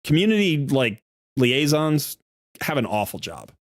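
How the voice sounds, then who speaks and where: A man's voice: mid-range voice, big pitch swings, measured pace, no echo, studio quality. A male game streamer in a live stream, making an argumentative case with worked examples.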